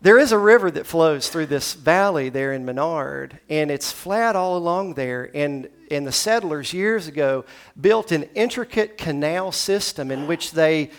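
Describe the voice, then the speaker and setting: Preaching in a church sanctuary, a Tennessee pastor keeps his tone conversational and dramatizes the scripture's dialogue by varying his pitch and volume. His delivery is expressive and unhurried.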